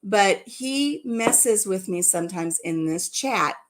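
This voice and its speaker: A woman's voice: mid-range voice, animated, slow. A woman hosting a casual livestream chat, giggling often and repeating herself as she talks. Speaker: livestream host.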